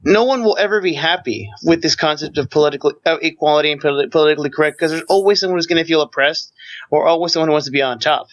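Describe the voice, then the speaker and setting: Fast-stumbling young man, dull lo-fi sound. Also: a little high, fairly bright tone. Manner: fast, stumbling storytelling with many restarts. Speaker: podcast co-host. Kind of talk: casual podcast chat. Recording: dull lo-fi mic.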